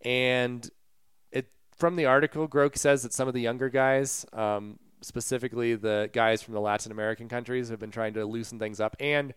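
This is a man co-hosting a sports podcast in a loose, chatty way. His voice is very clean and smooth. The sound is close and dry, with no room around it. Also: medium pitch, fairly even intonation, moderate pace, fairly bright tone, no room sound. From Colorado. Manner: conversational, retells stories with asides and fillers. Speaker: podcast co-host. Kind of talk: casual sports podcast chat.

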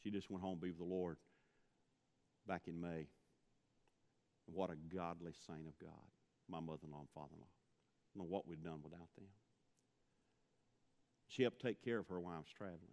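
A man's voice: low-pitched, a little fast, long pauses, darkish tone, long reverb tail. A man from Mississippi, preaching a sermon, telling stories and building to impassioned pleas. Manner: storytelling, rising to impassioned pleading.

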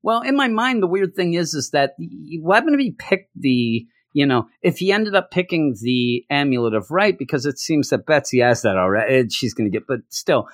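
A man casually reviewing a comic, joking and acting out characters' lines in quick voices. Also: mid-range voice, no echo, studio quality. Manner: animated, jokey, acts out characters in quick voices. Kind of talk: casual solo review chat.

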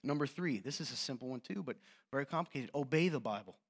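A man preaching a sermon to a room as a youth pastor, passionate and animated, with joking, self-mocking asides. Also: mid-range voice, fast, husky. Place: church hall with an audience.

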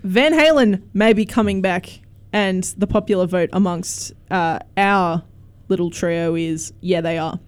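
A young woman hosting a casual community radio music show, chatty and quick to laugh. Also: fairly low pitch, clean tone. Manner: chatty, laughs often, asks questions. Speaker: radio host.

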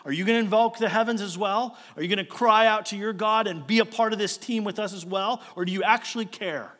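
A frantic, exasperated ship captain, as a preacher puts him on, firing off scolding questions in a raised, higher voice. The sound rings with a long hall reverb. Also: male voice, fairly bright tone. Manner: incredulous scolding, rapid questions.

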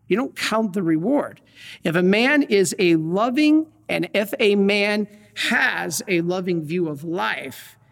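A Catholic priest giving a conversational sermon, telling stories with folksy asides and light humor. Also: male voice, on the high side, long reverb tail.

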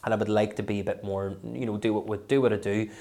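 A man's voice: fairly low pitch, little pitch movement, fast talker, warm tone. Man, Northern Irish accent, comedian, podcast guest, rambling, fillers, self-deprecating. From Northern Ireland. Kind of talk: podcast interview, casual chat.

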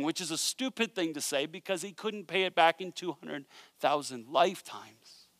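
High, bright-voiced preaching man. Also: moderate pace, no echo, clean studio sound. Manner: animated storytelling with joking asides. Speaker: pastor. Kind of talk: sermon.

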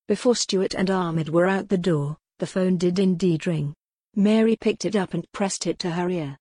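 A woman narrates a story for an audiobook at a calm, measured pace. Her voice is on the low side. The recording is dry and close. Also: husky, dry recording.

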